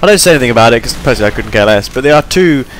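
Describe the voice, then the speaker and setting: A man's voice: medium pitch, animated, very fast, fairly bright tone, slight background noise. A tired young man giving rambling, chatty commentary over his gameplay, yawning between points. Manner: rambling, chatty, self-deprecating.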